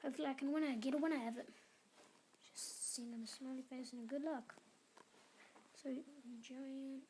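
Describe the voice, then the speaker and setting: Chatting through a mobile game on her channel, this host cheers on and scolds her units, frequently sinking into muttered whispers. Her voice sits high but darkish, with a steady tone, normal speed and frequent pauses, against slight background noise.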